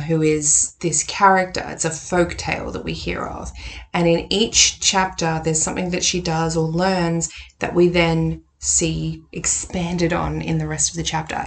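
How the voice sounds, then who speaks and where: A woman hosting a casual book review vlog, chatty and enthusiastic. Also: on the low side. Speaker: tarot reader and YouTube host.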